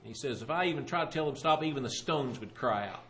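A man preaching a sermon, retelling a Bible story with animated storytelling and voicing the questioners. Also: mid-range voice, fast.

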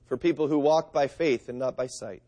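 A man's voice: medium pitch, normal speed, dark tone. A middle-aged man preaching a sermon, reading scripture and telling stories in an earnest, conversational way. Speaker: pastor.

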